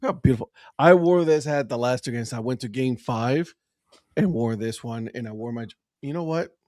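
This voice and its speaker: A man's voice: medium pitch, normal speed, a little mellow, no room sound, studio quality. Teasing, boastful man in banter. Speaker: co-host. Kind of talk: casual chat.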